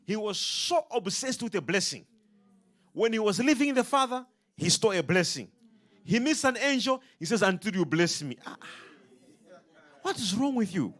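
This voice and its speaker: A man's voice: sits high, fairly bright tone. A man preaching a sermon, emphatic and rhythmic, throwing questions out to his congregation.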